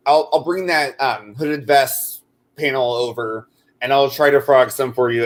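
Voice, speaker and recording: A man's voice: mid-range voice, a bit bright. A man co-hosting a casual chat while crocheting, rambling with many fillers and restarts. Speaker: co-host.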